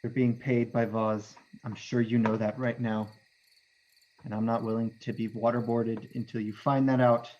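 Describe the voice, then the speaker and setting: A man voicing a gruff mercenary captain woman in a tabletop game, blunt and curt. The voice is mid-pitched for a man. The recording is dull and lo-fi. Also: flat delivery, normal speed, darkish tone, slight background noise, close to an everyday voice. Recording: dull lo-fi sound.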